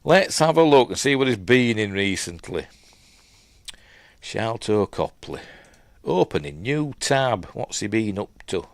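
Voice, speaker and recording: Chatty Yorkshire man with a lively lilt. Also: on the low side, a little slow, dry recording. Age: middle-aged. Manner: rambling and chatty, many fillers and asides. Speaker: film reviewer host. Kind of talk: casual film recap and review.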